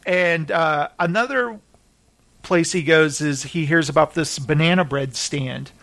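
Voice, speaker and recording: A man's voice: a little high, a little slow, gravelly, a bit bright. A man chatting casually on a podcast, laughing as he retells scenes from TV shows. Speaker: podcast host. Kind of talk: casual chat about TV shows.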